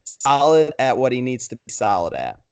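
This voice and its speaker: A man's voice: mid-range voice, wildly swooping pitch, normal speed, clear, resonant tone, no room sound. A young man hosting a casual sports podcast, joking loosely and reading out plugs. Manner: loose, joking, reads sponsor and social plugs. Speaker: podcast host.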